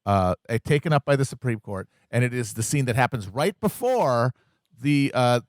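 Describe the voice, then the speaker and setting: A man's voice: mid-range voice, expressive, normal speed, dry recording, studio quality. A man co-hosting a podcast, telling stories in a wry, casual way with frequent restarts. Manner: wry, storytelling, stammering restarts. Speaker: podcast co-host.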